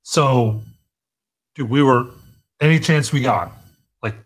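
A man, an army veteran and podcast co-host, talking in a plain, measured way with frequent restarts. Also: mid-range voice, slightly rough. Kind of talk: casual chat.

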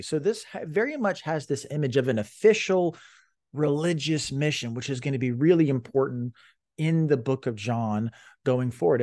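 A man's voice: medium pitch, dark tone, no echo, studio quality. A man teaching a recorded lesson on reading biblical Greek, explaining step by step with frequent restarts. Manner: explanatory, restarts often, varies emphasis.

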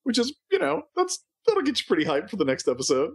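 A man's voice: very high voice, wildly swooping pitch, fast, slight background noise. Wry, joking man co-hosting a podcast. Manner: wry, joking, summarizing plot. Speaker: podcast co-host. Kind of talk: casual chat.

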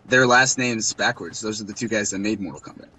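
A man's voice: on the low side, brisk, bright, forceful tone, breathy edge, low-quality recording. A young man co-hosting a casual gameplay chat, joking and playing sarcastic bits. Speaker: gaming channel co-host.

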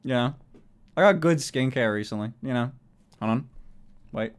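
A British man in a casual live-stream chat, talking in an animated way, swearing a lot and laughing often. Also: medium pitch, moderate pace, clear, resonant tone.

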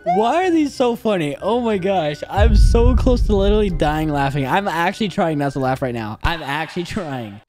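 A man's voice: high-pitched, darkish tone. A man hosting a reaction video, chatting casually, exclaiming often and holding back laughter.

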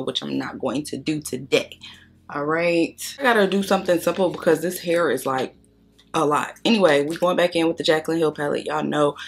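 A woman's voice: sits low, slightly rough. A young woman doing a makeup tutorial while telling a blunt, profane story straight to her viewers. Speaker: makeup vlogger.

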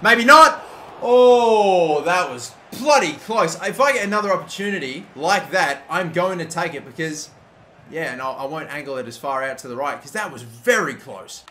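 A man giving live gameplay commentary, excitable and swearing often, with loud outbursts at the game. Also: a little high, normal speed, slight background noise. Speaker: gaming YouTuber.

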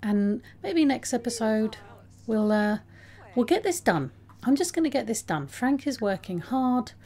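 A woman's voice: on the high side, sing-song, a little slow, dark tone. A woman giving casual, chatty commentary on her game, talking to her characters and laughing often. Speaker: let's play host.

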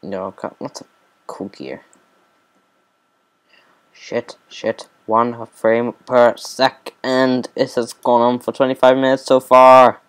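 A man talks through his game in a loose, unhurried way, drifting between mumbled asides and filler words. His pitch sits in an ordinary middle range for a man. He sounds like he is speaking into a desk mic at his computer. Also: fairly even intonation, smooth. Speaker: let's play host. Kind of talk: casual gameplay commentary.

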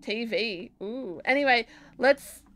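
A woman's voice: on the high side, lively intonation, slow, fairly bright tone. A young woman with an Australian accent, chatting casually and giggling as she streams from home, answering her chat while she plays and draws.

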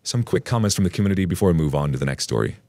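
A man narrating a forum relationship story aloud in a wry, animated storytelling manner. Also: low-pitched, very fast, no room sound. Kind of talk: scripted narration of a forum post.

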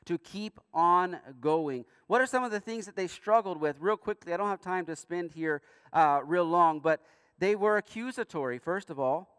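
A man preaching a sermon as pastor in a church, earnest, with emphatic rising bursts and quiet asides. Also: sits high, moderate pace, clean tone, no echo, studio quality, big-room sound. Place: church sanctuary.

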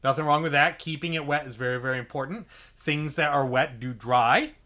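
A saxophone teacher with a fairly high, brisk voice that sounds pushed and bright walks through the lesson step by step. He checks in often with "okay?" and acts out the mouth sounds as he teaches.

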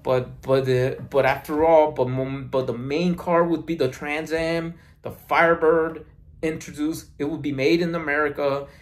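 A vlogger in a casual rambling monologue, recorded on a phone, halting with many restarts and repeated words. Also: medium pitch, level tone.

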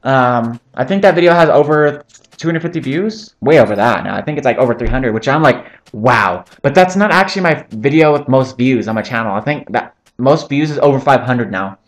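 Rambling, swearing young gaming commentator. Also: male voice, mid-range voice, expressive, fairly quick. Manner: rambling, joking, swears often. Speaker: gaming channel host. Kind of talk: casual gameplay commentary.

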